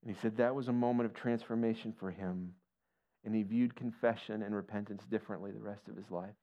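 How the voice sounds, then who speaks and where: A pastor preaches a sermon and tells a story in a steady, fairly quick voice, and the audio is dull. He is emotional, building up to a raised pitch before dropping to near-whispers.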